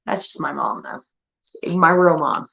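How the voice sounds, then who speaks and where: A woman's voice: low-pitched, unhurried, vocal fry. Profane woman telling family stories. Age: 30s. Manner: profane, animated, acts out family members. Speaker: streamer. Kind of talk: casual storytelling. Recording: dull lo-fi audio.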